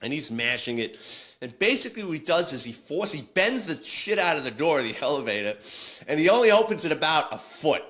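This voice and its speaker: A man's voice: on the high side, very animated, a little fast, a bit bright. A man, a former police detective telling war stories in a casual, blunt, salty way with frequent restarts. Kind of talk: casual storytelling.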